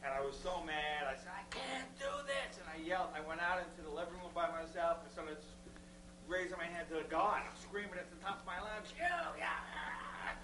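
A man from the congregation telling a personal testimony in an animated way, acting out what he said at the time. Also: a little high, fast. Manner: animated storytelling, acting out his own past words. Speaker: congregation member. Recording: echoey room, far from the mic, with a noticeable hum.

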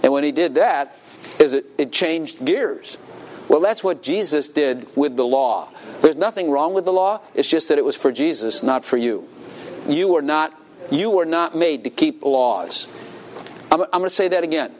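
A male pastor delivers a sermon in a church with a voice a little higher than most men's. His pitch jumps up sharply when he stresses a point, and he laughs often and quizzes the congregation. Faint room noise sits under the recording. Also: normal speed. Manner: animated, laughing, calls for congregation responses.

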